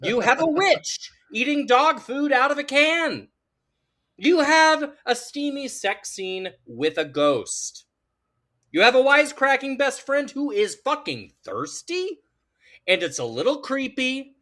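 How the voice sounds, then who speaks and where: A man's voice: very high-pitched, big pitch swings, unhurried, pushed and bright. A man arguing the defense on a podcast in a playful, mock-lawyerly, grandiose way. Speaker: defense in a mock movie trial. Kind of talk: casual podcast debate.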